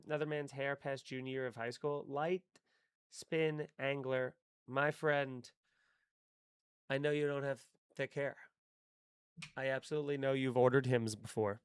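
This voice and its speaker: Excitable man chatting on a live stream. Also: mid-range voice, clean tone, dry recording, studio quality. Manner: excitable, swears a lot, chats with viewers. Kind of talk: casual live-stream chat.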